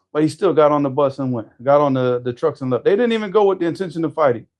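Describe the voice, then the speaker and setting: A man telling a story in casual conversation, animated, often restarting his sentences. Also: mid-range voice. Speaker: storyteller guest.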